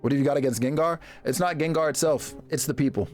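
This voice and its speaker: A man streaming live, chatting casually with his viewers and reacting to them in a jokey, animated way. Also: fast talker, soft background music. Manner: animated, jokey, reacting to chat with big pitch jumps and laughs.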